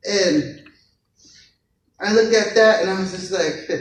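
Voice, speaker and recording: A man's voice: high voice, takes it slowly. A male pastor giving a casual, conversational sermon, acting out the people in the story and often repeating words. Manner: conversational, acts out voices of figures, repeats words. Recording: echoey church hall from far off.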